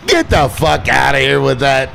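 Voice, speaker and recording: A man's voice: mid-range voice, huge pitch swings, moderate pace, vocal fry, sharp tone, faint music behind. A man hosting a livestream, ranting with heavy swearing and sarcasm, irritated. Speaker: livestream host. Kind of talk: profane livestream rant.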